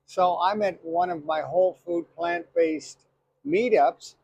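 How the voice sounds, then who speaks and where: Halting man hosting a casual interview. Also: on the high side, darkish tone, breathy edge, no room sound, muffled recording. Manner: halting, repeats and restarts words. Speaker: host.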